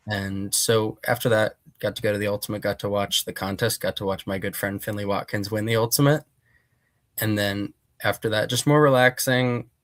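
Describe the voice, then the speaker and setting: Young man from Pennsylvania, low voice. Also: fairly even intonation, moderate pace, fairly bright tone, dry recording. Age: young adult. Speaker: guest. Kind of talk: casual interview answers.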